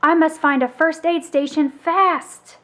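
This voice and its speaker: A woman's voice: sits high, steady tone, a little slow, fairly bright tone, voice pushed up. A woman doing Snoopy, a melodramatic flying-ace dog. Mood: dramatic. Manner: dramatic, heroic exclamations. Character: male cartoon dog dreaming he's a heroic war pilot. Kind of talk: children's storybook read-aloud.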